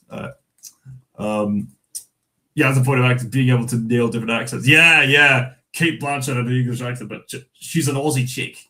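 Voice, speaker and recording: A man's voice: medium pitch, fairly even intonation, pushed and bright, rough recording. Rambling Scottish man hosting a livestream. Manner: rambling, halting, with many fillers and restarts; answers live chat comments, chuckling. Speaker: livestream host. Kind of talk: casual livestream chat, reading chat and a magazine aloud.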